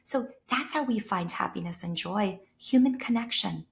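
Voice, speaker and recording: Guest spot: New York woman, teacher, animated storyteller who acts out the people she quotes, mid-pitched. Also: normal speed, creaky. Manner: animated storyteller, voices quoted people, sometimes drops to a whisper. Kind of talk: casual conversation.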